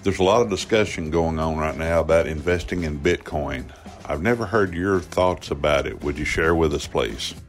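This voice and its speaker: Deep-voiced Tennessee man calling in. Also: normal speed, soft background music. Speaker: caller. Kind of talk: recorded voicemail question.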